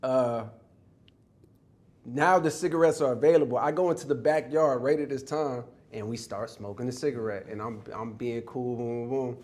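Man telling a childhood story with animated energy. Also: medium pitch, normal speed. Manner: animated, acts out quoted voices, restarts often. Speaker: interview guest. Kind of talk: storytelling in an interview.

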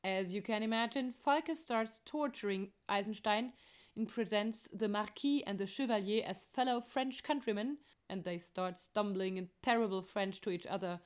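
A woman's voice: medium pitch, normal speed, smooth. A woman walking through the plot of an operetta in a light, chatty tone, tossing in jokes along the way. Her voice sits in an ordinary middle range. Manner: chatty, joking asides. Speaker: opera plot explainer. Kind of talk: playful plot summary narration.

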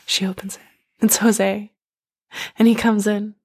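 A young woman tells a story in a casual, animated way, slipping into little voices for the characters. Her voice carries a gravelly creak at the ends of phrases, sitting at an ordinary middle pitch. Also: measured pace. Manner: animated, acts out characters in quoted voices, frequent "like" and laughter. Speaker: storyteller recapping an opera. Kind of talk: casual chat.

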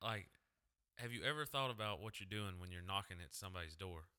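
A man's voice: low-pitched, animated, brisk, sharp tone, smooth. A man co-hosting a podcast, musing aloud and telling odd stories in casual chat. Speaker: podcast co-host.

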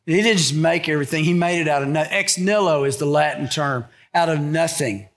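A man's voice: a little high, brisk. A man preaching a sermon, emphatic and full of stories. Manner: emphatic, storytelling. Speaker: pastor.

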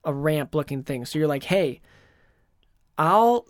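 A man co-hosting a podcast, telling a long dream in a rambling, animated way with lots of fillers. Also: fairly high pitch, unhurried, dry recording, clean studio sound. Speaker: podcast co-host. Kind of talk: casual chat, retelling a dream.

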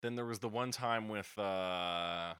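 A young man co-hosting a casual music podcast, relaxed and agreeable with quick quips. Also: on the low side, clean tone, no room sound, clean studio sound. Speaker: podcast co-host. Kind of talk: casual chat reviewing music.

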